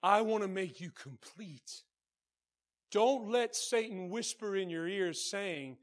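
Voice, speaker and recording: High-voiced man preaching a sermon. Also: takes it slowly. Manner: swings from soft low passages to shouted high preaching; calls out to the congregation. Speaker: pastor.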